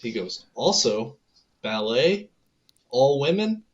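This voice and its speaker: Chill young dude rambling on a podcast, kinda dull lo-fi mic sound. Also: male voice, mid-range voice, very animated, slow pace, a crowd in the background. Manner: laid-back, storytelling with lots of fillers. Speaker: podcast co-host. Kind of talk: casual chat.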